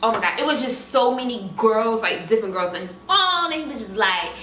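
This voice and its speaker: Young woman, casual storytime vlogger, animated, bright and a little high, echoey room with the mic set back. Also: fairly quick. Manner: animated, talks straight to viewers with lots of asides. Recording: echoey room, mic at a distance, faint room noise.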